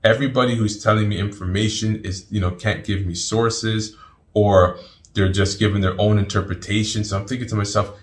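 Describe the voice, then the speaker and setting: A middle-aged man, a guest in an interview, telling his story in an animated way and often repeating words. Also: on the low side, fairly quick.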